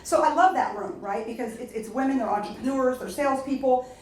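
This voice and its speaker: A middle-aged woman giving a lively motivational speech at a luncheon, telling stories and asking the audience questions. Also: sits high, brisk. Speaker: keynote speaker. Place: luncheon event hall. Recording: echoey room from far off.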